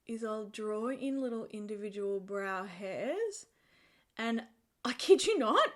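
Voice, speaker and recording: A woman beauty vlogger giving a casual, chatty product review, animated and emphatic, often repeating words for effect. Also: a little high.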